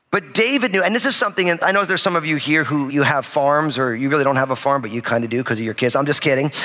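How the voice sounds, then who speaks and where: A man's voice: a little high, sharp tone. A male pastor giving a sermon to a live audience in a church, retelling scripture in casual, everyday speech. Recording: long reverb of a large hall.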